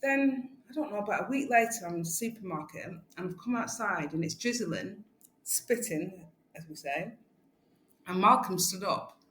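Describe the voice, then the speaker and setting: A woman guest in a casual interview who tells stories with lively, animated delivery. Her voice carries noticeable room echo. Faint background noise sits underneath. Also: medium pitch. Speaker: guest, community organiser.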